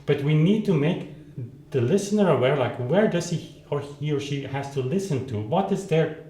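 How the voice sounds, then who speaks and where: This piano teacher's voice is a little high and mellow, with lively intonation and a normal pace. Working at the keyboard in a roomy-sounding room, he explains as he plays, restarting, thinking aloud, and singing out rhythms with syllables between bursts of playing.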